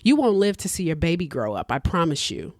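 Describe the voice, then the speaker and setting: A woman voicing a whiny, teasing woman who makes threatening phone calls in a high, singsong lilt. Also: big pitch swings, brisk, a little mellow, no echo, studio quality. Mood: taunting.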